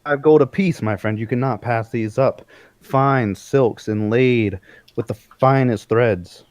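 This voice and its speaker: A man voicing his own character in a tabletop game, a male salesman adventurer with a flattering, persuasive patter. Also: medium pitch, a little slow, no echo, natural voice.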